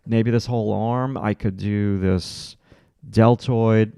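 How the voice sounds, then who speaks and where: Male drawing instructor, livestream, running commentary, clean resonant voice with some fry, dry close mic. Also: on the low side, fairly even intonation, takes it slowly, dark tone, dry recording. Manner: talks through each stroke in short, encouraging bursts. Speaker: art instructor. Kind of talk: livestream drawing lesson, thinking aloud while sketching.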